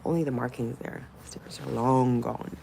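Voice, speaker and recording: Chatty, gravelly woman streamer, coos and swears. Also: a bass voice, steady tone, normal speed, noisy background. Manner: chatty, swears casually, coos at objects, drops into whispers. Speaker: livestream host. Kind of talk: casual livestream chat.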